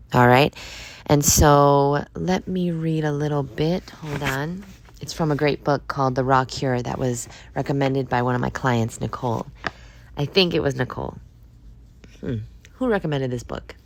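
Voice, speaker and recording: A woman hosts a casual solo podcast in a very low voice, deeper than usual because she has just woken up. She speaks in an upbeat, encouraging way and keeps checking in with "okay?" and "all right?". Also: slight background noise. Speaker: podcast host.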